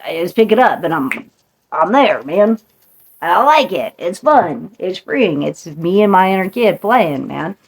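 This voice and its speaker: A woman's voice: lowish voice, very animated, a little slow, gravelly, breathy edge. A middle-aged woman hosting a motivational talk, playful, laughing often and slipping into quoted voices. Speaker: podcast host. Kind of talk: motivational monologue.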